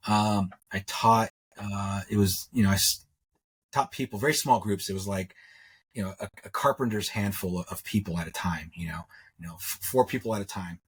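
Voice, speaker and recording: Middle-aged guy rambling through a story, low husky voice. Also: moderate pace. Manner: rambling, repeats words, acts out quotes. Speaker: interview guest, metalsmith. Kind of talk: casual storytelling.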